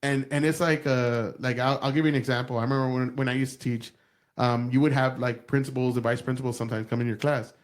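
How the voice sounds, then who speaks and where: Fast-talking profane man hosting a podcast. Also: mid-range voice. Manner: profane, rambling, animated storytelling. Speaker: podcast host. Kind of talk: casual political chat.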